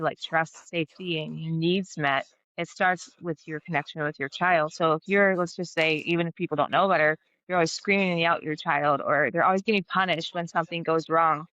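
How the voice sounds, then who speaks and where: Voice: medium pitch, bright, forceful tone, no room sound, muffled recording. A podcast host giving reflective advice to parents in conversation. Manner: reflective, advisory. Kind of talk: conversational interview.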